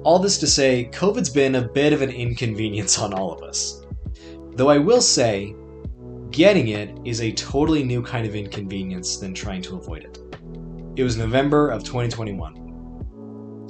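A young man with a mid-range voice narrates his own memoir in a scripted but conversational way. He keeps a wry, dry tone and tosses in asides as he goes. Faint music plays quietly beneath him. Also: medium pitch, expressive, moderate pace.

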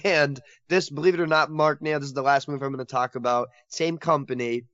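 A man co-hosting a casual podcast, talking with excitable enthusiasm and laughing often. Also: on the high side, brisk, dry recording, highs cut off. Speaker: podcast co-host covering horror collectibles.

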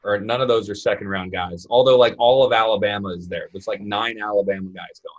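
A man with a lowish voice tells stories on a sports podcast in an easygoing, anecdotal way. The recording sounds somewhat dull and lo-fi. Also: steady tone, fairly quick. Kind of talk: casual storytelling.

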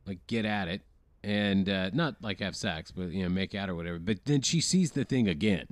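A man's voice: sits low, fairly quick, no echo. A middle-aged man co-hosting a podcast, chatting casually about a movie in a rambling, hesitant way. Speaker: podcast co-host. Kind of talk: casual movie recap chat.

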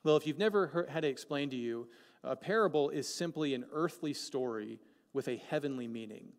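A man preaching a sermon as pastor, animated and joking, asking the congregation many questions. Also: medium pitch, fairly quick. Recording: long hall reverb.

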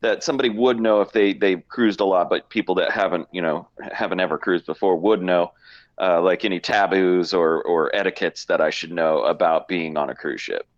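Low, giggly man on a dull mic. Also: a little fast. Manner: hesitant, giggly, full of fillers. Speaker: podcast co-host. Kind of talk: casual chat.

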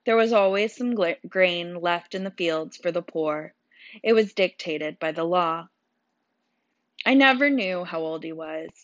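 Audiobook narrator: low woman, wry delivery, dull dry studio sound. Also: a little slow, no room sound. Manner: wry, dry first-person telling. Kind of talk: storybook narration.

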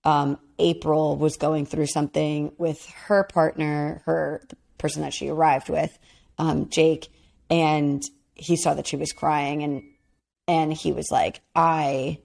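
A woman's voice: low voice, little pitch movement, slow pace, vocal fry, a little mellow. A woman co-hosting a podcast, recapping a reality dating show in casual chat with lots of fillers. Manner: chatty, lots of "like" and restarts. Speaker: podcast co-host.

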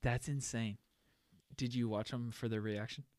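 A man hosting a casual interview, curious, asking many questions and quick to laugh. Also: medium pitch, steady tone, a little mellow, no room sound, clean studio sound. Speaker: podcast host.

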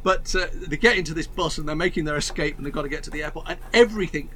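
A man's voice: fairly high pitch, very fast, pushed and bright, a little hiss or hum. A man enthusing about a film in casual conversation, rambling with restarts and laughs.

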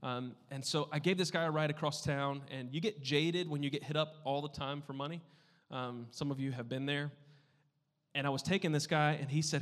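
A man preaching a sermon as pastor, conversational and playful, moving between loud emphasis and hushed, earnest passages. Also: on the high side, brisk. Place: church sanctuary. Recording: long reverb of a large hall.

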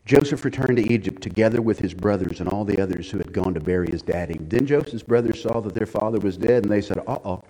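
A man preaching a sermon in church, folksy and conversational, building to loud, emphatic stretches. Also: on the low side, fast talker, hardly any pauses, breathy edge, low-quality recording. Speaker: pastor.

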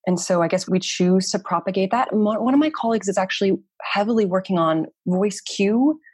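A woman in her thirties, a researcher and community founder, talking quickly and animatedly in a casual interview, often saying "like" and "you know.". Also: medium pitch, darkish tone, breathy edge, no echo, clean studio sound.

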